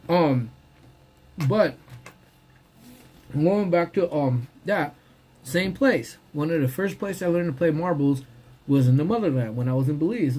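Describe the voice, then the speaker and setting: A man's voice: a little high, expressive, unhurried, long pauses, warm tone. Laid-back man chatting on a live stream. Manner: laid-back, slangy, greets viewers by name. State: talking while eating. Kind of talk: casual live-stream chat. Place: parked car.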